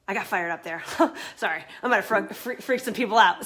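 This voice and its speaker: High-voiced energetic woman coach. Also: moderate pace. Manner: energetic, emphatic, swears then apologizes. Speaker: confidence coach. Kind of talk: livestream motivational talk.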